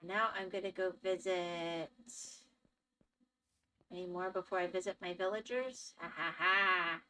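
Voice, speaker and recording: A woman's voice: fairly low pitch, steady tone, measured pace, sharp tone, recorded from a distance. A woman streamer chatting casually with her chat while playing a game, thinking aloud as she goes.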